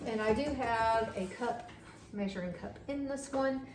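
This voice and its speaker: A woman's voice: fairly high pitch, a little slow, noisy background. A woman, chatting casually with many fillers while baking in her home kitchen and talking to her young son. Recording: echoey kitchen with clatter.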